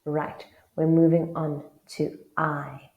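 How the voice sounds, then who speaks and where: South african lady teaching a language, low gravelly voice, keeps asking "got it?". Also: level tone, slow, echoey room, lo-fi sound. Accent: South African English. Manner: friendly, checks in with the viewer often. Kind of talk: casual online lesson.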